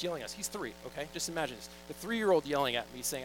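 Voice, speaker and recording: A young man delivers a sermon in a relaxed, conversational way, mixing scripture readings with jokey stories. His voice sits a little high for a man. A faint electrical hum runs under the recording. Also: rapid-fire, few pauses. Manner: conversational, jokey storytelling with quoted asides. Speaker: pastor.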